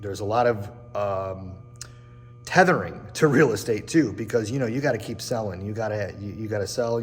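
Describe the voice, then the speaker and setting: A man talks earnestly to camera in a low-pitched voice, circling back over his points and restarting his phrases as he thinks. He is in a machine shop, and a long reverb trails his words. Faint music plays underneath. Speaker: real estate agent and show host. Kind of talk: casual personal talk to camera.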